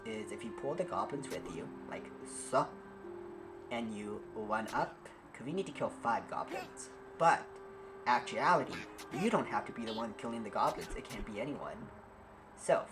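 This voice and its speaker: A man hosting a game playthrough, casual and joking, his voice lively and bouncing. Game music plays steadily behind. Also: lowish voice. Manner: casual, joking, quick asides. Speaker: gaming video host. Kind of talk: playthrough commentary.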